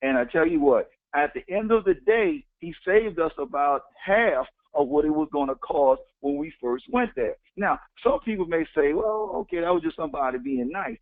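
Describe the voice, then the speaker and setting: A man's voice: fairly high pitch, animated, normal speed, hardly any pauses, no echo. A man giving a motivational talk. He speaks emphatically, repeats key phrases and counts off his points. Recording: tinny phone-like, dry sound.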